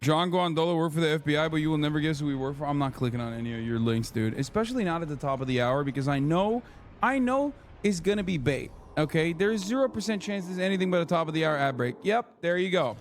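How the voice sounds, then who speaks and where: A man's voice: a little high, animated, quick pace, a little hiss or hum. A man livestreaming political commentary, ranting emphatically and swearing freely.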